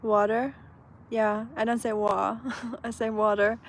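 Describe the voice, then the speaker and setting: Woman with a German accent, slightly high voice, live streamer chatting casually outdoors. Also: flat delivery, unhurried, slight background noise. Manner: chatty, answers viewers' comments, frequent fillers and restarts. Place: outdoors on a sunny day.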